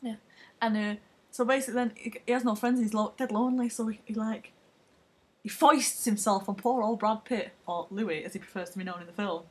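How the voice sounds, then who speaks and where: A woman's voice: on the high side, fairly even intonation, a little fast, a little mellow, slightly rough. A young woman, chatting casually and retelling a film plot in a rambling, sweary, giggly way. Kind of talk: casual comedic chat.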